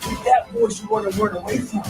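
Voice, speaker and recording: A man with a high voice gives a dramatic, profane motivational speech. He hits key words with emphatic weight. Music plays clearly under his voice. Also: wildly swooping pitch, fast talker. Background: background music.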